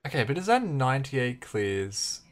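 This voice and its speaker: A man's voice: medium pitch, sing-song, normal speed. A man co-hosting a podcast, talking things through in casual chat. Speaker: podcast co-host.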